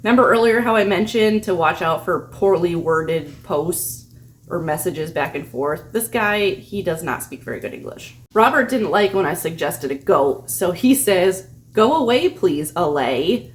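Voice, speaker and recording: A woman's voice: on the low side, moderate pace. A woman telling a story in a crafting vlog, playful and mocking. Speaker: crafting YouTuber.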